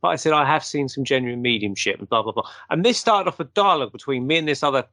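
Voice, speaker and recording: A man's voice: medium pitch, animated, fast talker, bright, forceful tone, dry recording. A man hosting a paranormal show, telling long, rambling anecdotes in casual conversation.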